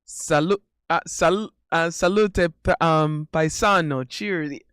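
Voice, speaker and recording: A man chats casually on a live stream, reading messages and joking as he goes. His voice sits a bit high and comes through smooth and crisp. The sound is dry and close to the mic. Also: slow, fairly bright tone, no echo. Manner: loose and joking, laughs often, repeats himself.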